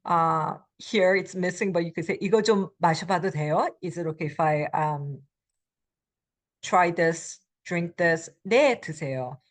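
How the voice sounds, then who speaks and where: A woman's voice: fairly low pitch, a little fast. Patient woman teaching a language lesson. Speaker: Korean language instructor. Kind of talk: recorded online lecture.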